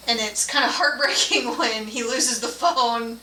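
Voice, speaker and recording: A woman co-hosting a casual movie review chat. She laughs often and talks in a relaxed, chatty way. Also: on the high side, unhurried. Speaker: co-host of a movie and tea review show. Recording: roomy, from a distance, faint room noise.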